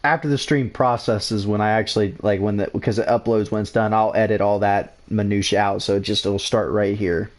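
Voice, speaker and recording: A man's voice: lowish voice, steady tone, brisk, few pauses. A man hosting a casual livestream, talking loosely and often repeating words and restarting sentences. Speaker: streamer host.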